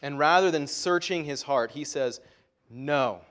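A man's voice: a little high, moderate pace, fairly bright tone. Earnest male preacher with rising emphasis. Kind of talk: sermon.

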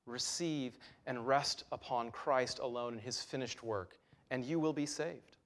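A man's voice: mid-range voice, a little slow, fairly bright tone. A man preaching a sermon in an earnest, emphatic way, his voice rising and dropping to stress key points.

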